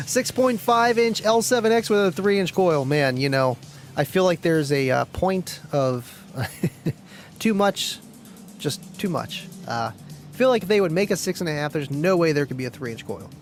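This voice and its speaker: Chatty high-voiced male stream host. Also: animated, moderate pace, faint music behind, poor audio. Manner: rambling, chatty, reads viewer comments aloud, clears throat often. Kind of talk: casual live-stream chat.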